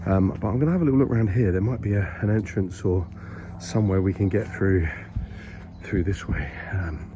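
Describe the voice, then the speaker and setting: Outdoors on a hilltop next to a graveyard, a vlogger exploring a historic site talks fairly quickly in a low-pitched voice. The recording is muffled, with a noisy background and birdsong, as he rambles, chats breathlessly and mocks himself.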